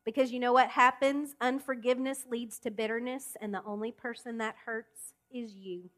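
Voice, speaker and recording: A woman preaching a sermon in a fairly high voice. She leans on key words with deliberate pauses and throws direct questions at the listeners. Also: steady tone, fairly bright tone. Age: adult. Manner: emphatic, with deliberate pauses and rising appeals.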